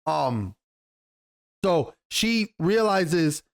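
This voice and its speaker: A man giving a casual episode review, rambling and excitable, blunt and quick to swear. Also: fairly high pitch, gravelly. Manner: rambling, excitable, acts out lines.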